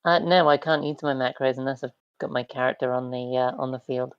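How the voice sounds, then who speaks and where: A woman's voice: rumbling low, steady tone, a little fast, no echo. A woman playing a tabletop game over a voice call, speaking casually with small hesitations. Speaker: player. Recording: dull lo-fi mic.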